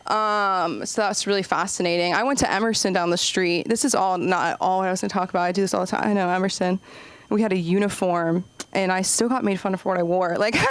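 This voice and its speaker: On a comedy club stage, a young comic works an open mic set, self-deprecating and meandering, with frequent "like" and asides that trail off. Her medium-pitched voice is clear and resonant, with no echo.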